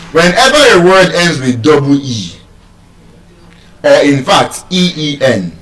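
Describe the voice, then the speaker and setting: A man's voice: medium pitch, a bit bright, echoey room, recorded from a distance, poor audio. A man with a Nigerian accent giving a live stage lecture on pronunciation, quizzing the audience and spelling words out letter by letter. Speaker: public speaker teaching pronunciation.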